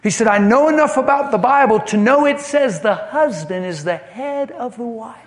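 A man's voice: extremely high pitch, lively intonation, moderate pace, echoey room, voice pushed up. A male preacher acting out a controlling, angry husband with blustering, domineering talk.

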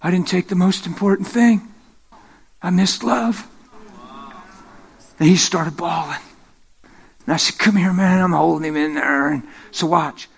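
A middle-aged man preaching a sermon, telling stories with lively energy, laughing and acting out the voices of the people in them. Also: high-pitched, measured pace, gravelly, long pauses, husky. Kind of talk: sermon with storytelling. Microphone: handheld microphone.

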